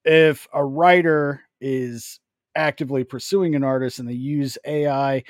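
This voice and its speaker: A man on a casual podcast gives opinions with the odd curse. His voice is mid-pitched and recorded dry and close. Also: fairly even intonation, unhurried, no room sound. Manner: opinionated, profane. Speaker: podcast host. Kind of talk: casual chat.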